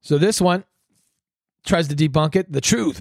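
A man's voice: fairly high pitch, unhurried, gravelly, pauses often, a little mellow, dry recording, studio quality. A man hosting a podcast alone, ranting in a profane, rambling, sarcastic way. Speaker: podcast host. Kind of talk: solo ranting commentary.

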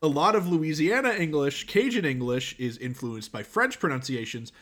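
A man with a somewhat raised pitch talks in a relaxed podcast chat. He explains things, often restarting his sentences. The tone stays easy and conversational. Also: moderate pace. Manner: chatty, explains with many restarts. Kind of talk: casual chat.

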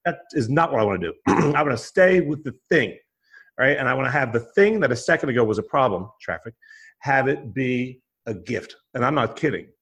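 A man's voice: mid-range voice, lively intonation, fairly quick, fairly bright tone. Emphatic man coaching on moods. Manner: emphatic, repetitive, acts out his own thoughts in quotes; frequent restarts and "right?" tags. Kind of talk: conversational podcast explanation.

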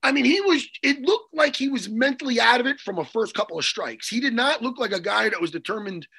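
Animated raspy New man. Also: very high voice, a little fast. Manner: animated, rambling, jokey. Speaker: co-host, jiu-jitsu coach. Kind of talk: excited casual chat.

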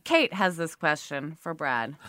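Woman, podcast co-host, blunt and joking, lively low bright voice, dry. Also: a little slow, no room sound. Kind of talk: casual chat.

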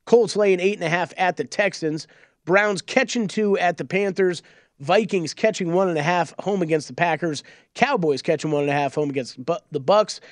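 A man's voice: sits high, moderate pace, no echo, clean studio sound. A man co-hosting a sports betting podcast in an easygoing, casual way. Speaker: podcast co-host.

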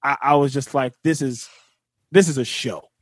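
A man in casual chat, excitable, stumbling over repeated words and joking in big exaggerations. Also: medium pitch, normal speed, no echo, clean studio sound. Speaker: guest commentator.

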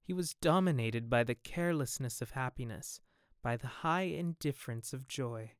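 A man's voice: mid-range voice, moderate pace, smooth, no echo. Man, audiobook narrator, clean resonant voice, dry studio sound, voices each character. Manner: acts out each character with raised, loud dialogue. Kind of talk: scripted narration.

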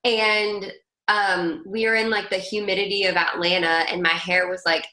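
Bright chatty woman telling a story, roomy echoey sound, lots of "like". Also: mid-range voice, level tone, normal speed. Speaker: interview guest, singer. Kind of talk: casual conversational storytelling.

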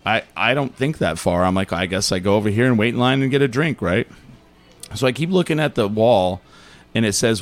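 A man's voice: mid-range voice, a little fast. A man from Albuquerque, a podcast guest, telling stories in casual chat and acting out the quotes, with lots of fillers. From Albuquerque, New Mexico. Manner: animated storyteller acting out quotes, many fillers.

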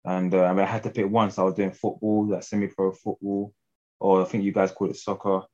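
A man's voice: low-pitched, level tone, fast, mellow, muffled recording. A young English man talking as a guest fighter in a casual interview, laid-back and slangy, often laughing.

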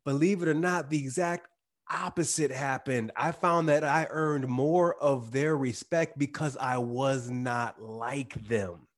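A man with a slight twang speaks as a guest in a relaxed interview. His voice sits at an ordinary middle pitch. He talks in a loose, slangy way and often restarts his sentences. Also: unhurried. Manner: casual, uses slang, restarts mid-sentence. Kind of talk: casual interview chat.

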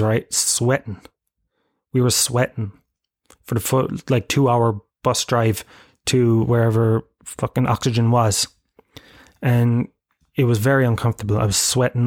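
A man's voice: mid-range voice, dry recording. Irish man rambling on a dry podcast mic. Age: 30s. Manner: rambling, profane, self-mocking storytelling. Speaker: podcast host. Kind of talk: casual solo podcast chat.

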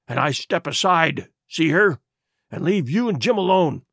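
A man voicing a wily old male pirate who pleads in rough sailor's dialect. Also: fairly high pitch, animated, a little slow, fairly bright tone, dry recording, clean studio sound, exaggerated voice. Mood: earnest.

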